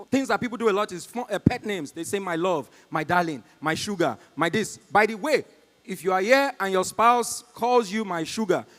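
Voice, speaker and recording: A man's voice: extremely high pitch, a bit bright. A Nigerian man doing live stand-up comedy, telling stories and talking to the crowd. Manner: storytelling, talks to the crowd. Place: concert stage in a large hall. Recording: long reverb from a hall.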